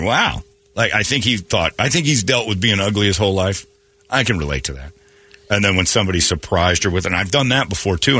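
A man hosting a morning radio show, telling animated stories and acting out the people in them in a casual, joking way. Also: low voice, husky. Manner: animated storytelling with laughs and acted-out quotes.

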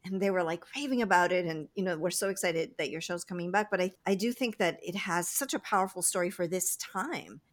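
A woman with a lowish voice hosting a casual interview. She asks questions and chats back and forth in an easy, conversational manner. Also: a little fast, few pauses. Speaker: interview host.

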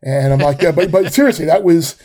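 A man's voice: on the high side, brisk. A man co-hosting a sports podcast, talking casually with frequent restarts. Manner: relaxed, rambling, frequent restarts. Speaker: podcast co-host.

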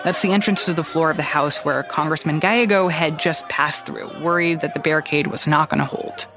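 A man with a notably high voice hosts a news podcast. He tells the story conversationally, explaining each step as he goes. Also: fairly even intonation, a little fast, music in the background, a crowd in the background. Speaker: podcast host.

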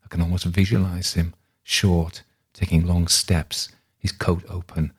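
A man reading a literary story aloud in a measured, reflective way. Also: deep voice, flat delivery, slightly rough. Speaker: reader.

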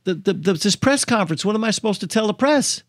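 A man's voice: high-pitched, expressive, fast, dry recording, clean studio sound, pitched above the performer's own voice. A man voicing a flustered small-town lawyer on the phone, stammering and anxious in an acted quote within his story.

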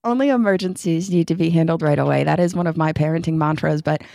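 A woman's voice: low-pitched, fast, gravelly, mellow, no room sound, studio quality. A woman in her thirties co-hosting a parenting podcast, explaining at length in a casual, earnest chat.

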